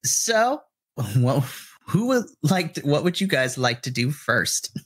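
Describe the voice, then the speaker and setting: A man narrating a tabletop game as game master, excitable and giggly, often restarting his sentences. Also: fairly high pitch, slow, husky.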